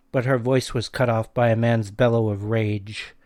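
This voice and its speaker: Guy reading a spooky book aloud, soft low narration. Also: fairly even intonation, normal speed, few pauses. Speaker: reader. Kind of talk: audiobook narration.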